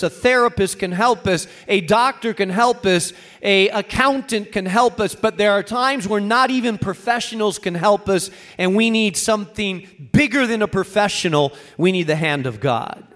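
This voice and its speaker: A man's voice: high voice, fairly bright tone. A man preaching a sermon to a congregation, earnest and rising to emphatic peaks. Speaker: pastor.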